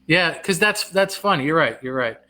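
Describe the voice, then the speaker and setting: A middle-aged male comedian talking loosely on a live stream, with a bright, forceful voice pitched a little high. He reads comments aloud, answers them and laughs at himself. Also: expressive. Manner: self-deprecating, quick to laugh. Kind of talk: casual live-stream chat.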